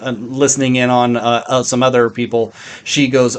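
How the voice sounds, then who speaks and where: A man's voice: mid-range voice, level tone, moderate pace, hardly any pauses, slight background noise. A man co-hosting a podcast in casual chat, rambling with lots of "like" and a good deal of swearing. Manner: rambling, heavy on fillers and swearing. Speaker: podcast co-host.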